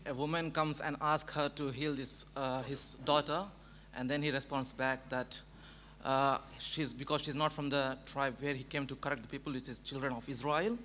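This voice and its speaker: Halting man with a bright, tense voice. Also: medium pitch, flat delivery, a little hiss or hum. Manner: halting, pushing for a yes-or-no answer. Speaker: audience questioner. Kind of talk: debate question from the floor.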